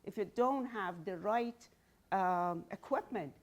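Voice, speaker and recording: A woman's voice: medium pitch, slow pace. A woman with a Persian accent, answering a question after her academic presentation and stopping often to find her words. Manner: thoughtful, searching for words.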